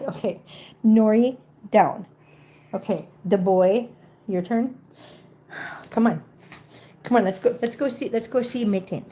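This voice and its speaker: A woman's voice: medium pitch, dark tone. A woman chatting casually at home, talking doting baby talk to her cats and chatty asides to her viewers. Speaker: cat owner vlogger. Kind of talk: casual chat to pets and viewers.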